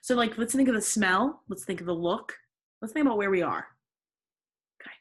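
A woman's voice: medium pitch, expressive, fairly quick, husky. A woman in her twenties hosting a casual podcast, reading a story aloud with theatrical flair and frequent giggles. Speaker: podcast host. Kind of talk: casual dramatic reading with friend.

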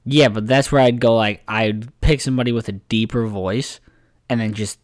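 A man's voice: medium pitch, fairly even intonation, moderate pace, dry recording. A man in casual podcast chat, loose and joking, swearing freely.

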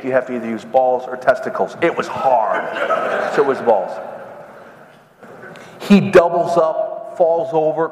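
Animated male preacher in a reverberant hall. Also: a little high. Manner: animated storytelling, dramatic pauses. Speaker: men's seminar speaker. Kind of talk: sermon with storytelling.

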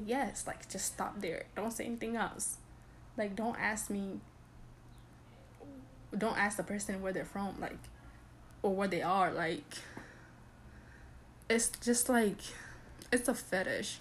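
A woman's voice: medium pitch, slight background noise. A young woman hosting a podcast, talking candidly in a chatty way, with lots of restarts and "like". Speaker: podcast host. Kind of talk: casual solo talk.

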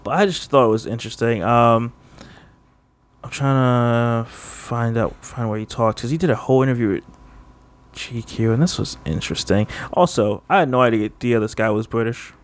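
A man's voice: medium pitch, moderate pace. A man co-hosting a podcast, chatting casually and rambling, with lots of filler words and frequent laughs. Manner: rambling, heavy use of "like", laughs often. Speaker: podcast co-host. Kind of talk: casual chat.

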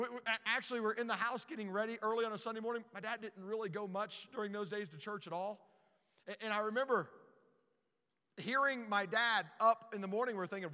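A man preaching a storytelling sermon, animated and stumbling over repeated words as he starts sentences. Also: high-pitched, big-room sound.

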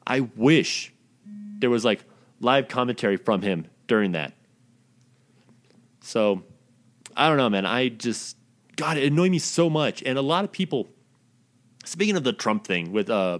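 A man delivering a profane, blunt, exasperated ranting monologue as the host of his own recording. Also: mid-range voice.

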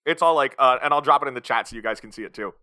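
A man's voice: mid-range voice, racing, sharp tone, smooth, dry recording, studio quality. A man hosting a casual podcast chat, energetically explaining background to his co-hosts. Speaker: podcast host.

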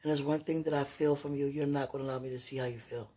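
A woman with a husky, breathy voice speaks tenderly to someone she loves, halting and trailing off into murmurs. Her talk is intimate and prayerful, soft and unguarded. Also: rumbling low, fairly even intonation. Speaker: partner speaking to a loved one. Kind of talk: intimate emotional monologue with prayer.

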